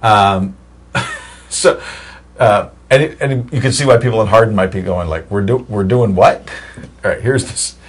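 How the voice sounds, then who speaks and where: A man's voice: fairly low pitch, unhurried, long pauses, husky. A man hosting a casual political commentary show, reading news articles aloud with wry asides and fillers.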